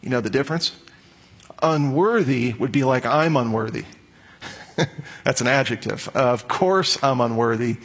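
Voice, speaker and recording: A man's voice: medium pitch, unhurried, slightly rough. A man preaching to his congregation, explaining a passage in detail and acting out the voices he quotes. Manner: animated expository preaching, acts out quoted voices. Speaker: pastor. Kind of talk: sermon.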